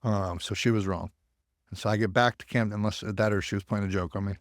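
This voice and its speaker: A man's voice: on the low side, steady tone, brisk, no room sound, clean studio sound. A man, a veteran guest telling his story candidly and bluntly, with plenty of swearing. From United States. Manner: blunt, profane, acts out quoted voices. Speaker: podcast guest, army veteran.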